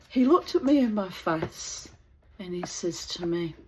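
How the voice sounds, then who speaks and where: Slow-talking blunt woman storyteller. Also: on the low side, a little hiss or hum. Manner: blunt, profane, animated storytelling. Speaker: vlogger. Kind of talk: storytelling to camera.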